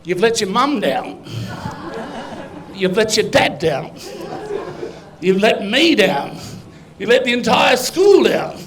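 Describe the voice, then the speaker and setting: A man voicing a scolding female teacher whose lecture builds up to shouting. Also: sits high, big pitch swings, takes it slowly, long pauses, a crowd in the background, heavily acted.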